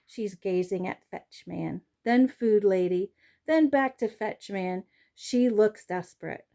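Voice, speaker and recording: A woman reading a children's chapter book aloud at an unhurried, deliberate pace. Her tone is soft and mellow, and she colors the story with expressive rises and falls. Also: medium pitch. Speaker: reader.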